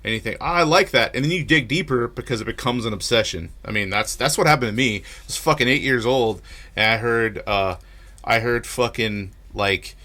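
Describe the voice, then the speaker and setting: A man co-hosting a podcast in casual chat, animated, swearing a lot and laughing easily. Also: medium pitch, a little fast. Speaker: podcast co-host.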